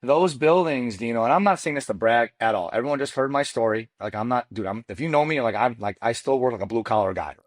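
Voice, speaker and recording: A man in his forties, a mortgage coach, tells his rise as a podcast guest. His talk is animated and slangy, full of "dude" and "man." His mid-pitched voice sounds close and dry. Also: fast talker, few pauses, dry recording. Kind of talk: casual storytelling interview.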